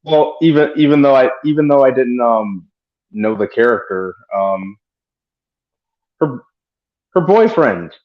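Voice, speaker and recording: A man's voice: medium pitch, lively intonation. A man co-hosting a movie chat, thinking aloud with restarts and fillers. His voice comes through a dull, lo-fi remote line. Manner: brief agreeing backchannels, musing slowly. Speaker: podcast co-host. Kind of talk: casual movie review chat.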